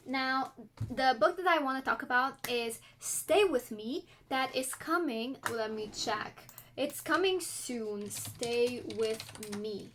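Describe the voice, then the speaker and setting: A woman's voice: sits high, unhurried, a bit bright. A woman with a non-American English accent, vlogging about books in a chatty, enthusiastic way and reading blurbs aloud. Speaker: book vlogger. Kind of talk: casual chat and reading book blurbs aloud.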